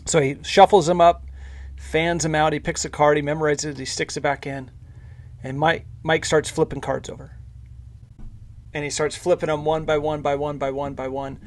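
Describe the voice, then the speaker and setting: A man's voice: a little high, little pitch movement, moderate pace. A male podcast host telling a casual anecdote, rambling with frequent restarts and repeated words. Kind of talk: casual storytelling.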